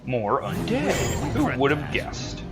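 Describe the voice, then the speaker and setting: A man's voice: medium pitch, wildly swooping pitch, slow, over loud music. A man casually commentating his gameplay with dry jokes. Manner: casual, joking. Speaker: let's play host.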